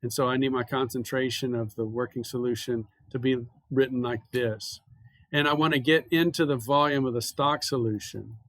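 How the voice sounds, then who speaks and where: Male chemistry lecturer, mid-pitched voice, conversational step-by-step explaining, dry sound. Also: steady tone, moderate pace, fairly bright tone, no room sound. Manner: explanatory and conversational, talks students through steps. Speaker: chemistry instructor. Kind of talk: classroom lecture. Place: university classroom.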